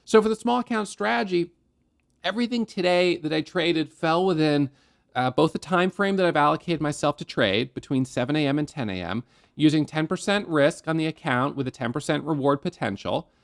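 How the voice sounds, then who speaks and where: A man walks through his trading day from his desk in an easy, conversational way, leaning on analogies and acting out a frustrated trader's inner voice. His voice sits a little high for a man and carries a gravelly fry. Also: animated, a little fast. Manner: conversational, explains with analogies and acted self-talk. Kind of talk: trading recap to camera.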